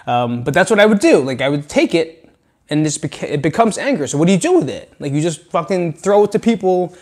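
A man hosting a solo podcast, speaking frankly and with lots of swearing, rambling between low mutters and loud venting. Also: sing-song, a little fast. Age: adult with children. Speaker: podcast host. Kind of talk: solo podcast monologue on anger.

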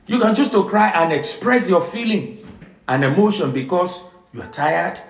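A middle-aged man, preaching an emotional sermon with dramatic swings from loud emphasis to hushed, quiet lines. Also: high-pitched, lively intonation, measured pace, far from the mic. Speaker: pastor. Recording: echoey room with music behind.

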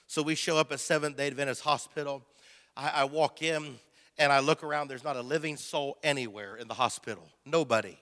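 A man preaching a missionary testimony as a sermon, telling his story with high-strung, excitable energy. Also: a little fast. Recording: long hall reverb.

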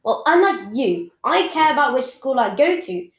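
A woman's voice: high-pitched, sing-song, moderate pace. A woman reading the lines of a dramatic, complaining schoolgirl in a storybook, recorded in an echoey room. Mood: indignant. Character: schoolgirl sister, dramatic and wailing.

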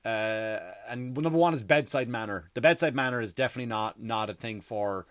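Irish man, 30s, podcast comic, rambling profane storyteller, mid-pitched voice. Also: brisk, a bit bright, no room sound, clean studio sound. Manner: rambling, profane, frequent restarts and asides. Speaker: comedian and podcast host.

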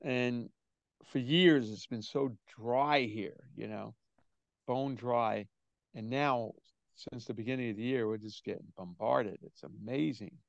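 A gravelly older man, a drummer, tells stories in a relaxed, chatty way. His voice comes through a bit muffled and lo-fi, as on a remote call, and the sound is dry. He sits at a middle pitch. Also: a little slow, dry recording. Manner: chatty, anecdotal, quoting others in put-on voices. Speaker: drummer, interview guest. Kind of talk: relaxed storytelling in an interview.

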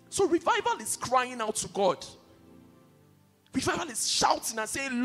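Impassioned male pastor, sermon delivery, very lively pitch, long hall reverb. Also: moderate pace, pauses often. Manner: impassioned, repeats key phrases for emphasis. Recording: reverberant hall with faint music behind.

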